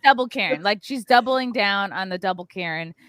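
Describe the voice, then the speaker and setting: A woman hosts a podcast and tells a story as casual chat. She is animated and acts out the voices of the people in it. Her pitch sits in the middle range, and the sound is dry and close. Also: brisk, no echo. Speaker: podcast host.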